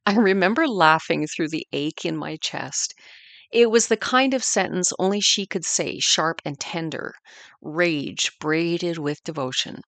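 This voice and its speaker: Gravelly low-voiced woman narrator. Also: unhurried, a bit bright, dry recording. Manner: earnest, reflective storytelling. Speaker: podcast narrator. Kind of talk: scripted history narration.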